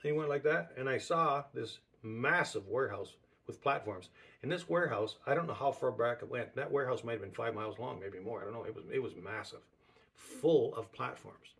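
A man preaching a sermon in a slightly husky, breathy voice at an ordinary pitch. He talks conversationally and circles back on key words again and again to drive his point home. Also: fairly quick, a bit bright.

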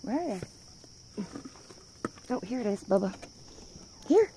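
A woman who rehabilitates wildlife talks to her animals in sing-song baby talk, laughing often while filming them on her phone. Her medium-pitched voice is slow and lilting, and there's a lot of background noise.

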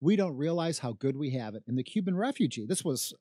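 A talk radio host, a man, rants in a swooping voice that leaps up and drops low. He hammers his points by saying them again and again. The sound is close and dry, with no room in it. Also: very animated, fast, warm tone, dry recording. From South Side of Chicago. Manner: fired-up ranting, repeats phrases for emphasis.

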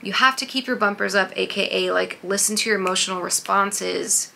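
A woman's voice: medium pitch, a little fast, gravelly, pushed and bright, slight background noise. A young adult woman in a casual talk-to-camera vlog, candid and rambling, swearing freely. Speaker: vlogger.

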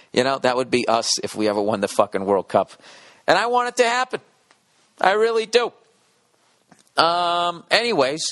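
A man hosting a solo podcast from a hotel room, rambling and swearing with sarcastic asides that swing from mumbled to excited. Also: medium pitch, dry recording, clean studio sound. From United States. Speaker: podcast host.

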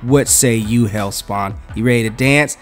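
A man's voice: mid-range voice, unhurried, natural voice. A man voicing a cocky, scheming male demon who talks in a sly, mocking way. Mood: sly, sneering.

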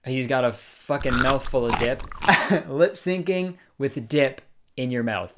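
A young man giving comic commentary in an excitable, sarcastic way, swearing often. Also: mid-range voice, slow, very noisy. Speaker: comedy YouTuber. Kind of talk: comedic commentary.

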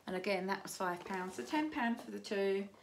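A woman's voice: mid-range voice, animated, moderate pace, slight background noise. A woman in her fifties with grandchildren, chatting casually and rambling through a shopping haul with many restarts. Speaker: vlogger showing a shopping haul.

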